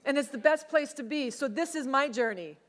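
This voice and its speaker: A middle-aged woman pastor preaching a sermon, telling a personal testimony in a conversational, animated way. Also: high voice, a little fast. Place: church sanctuary. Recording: long church hall reverb.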